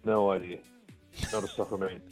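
Kiwi male caller, low and easygoing, faint music underneath. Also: level tone, normal speed. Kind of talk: phone-in chat.

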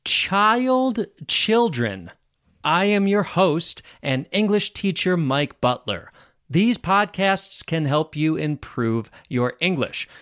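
A man hosting a podcast as an English teacher, speaking slowly and clearly for learners. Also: no echo, clean studio sound. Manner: careful, over-articulated teacher's delivery with lively pitch.

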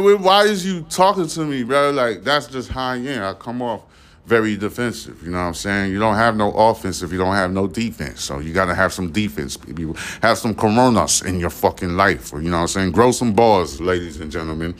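A man's voice: low-pitched, fairly bright tone. A podcast host, reading news stories aloud and breaking off into profane, slangy asides to his listeners. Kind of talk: reading news with casual commentary.

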